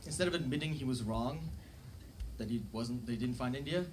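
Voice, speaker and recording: In a brisk mid-range voice, a young man delivers a self-deprecating comedy club set, speaking casually into a handheld mic with fillers and asides. Recorded live, the clip has heavy background noise and loud audience laughter.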